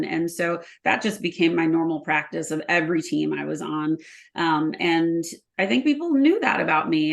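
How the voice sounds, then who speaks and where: A woman guest on an interview podcast, speaking casually and telling energetic stories, acting out quoted exchanges with plenty of ums. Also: fairly low pitch, creaky. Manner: energetic storyteller, acts out quoted dialogue; filler-heavy, frequent ums. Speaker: podcast guest, leadership consultant.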